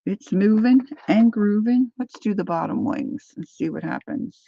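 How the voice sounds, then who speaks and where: A woman hosts a live crafting session in a slow, unhurried way, with a gravelly fry running through her voice. She chats along as she thinks aloud and answers comments from viewers. The sound is dry and a little dull, like a lo-fi home mic. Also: medium pitch, dark tone, dry recording. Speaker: craft livestream host. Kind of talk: casual live crafting demo.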